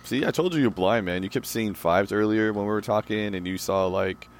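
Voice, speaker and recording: A man's voice: lowish voice, fairly quick. A man co-hosting a casual podcast chat, teasing his friend and rambling about old movies. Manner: teasing, ribbing his co-host. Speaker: podcast co-host.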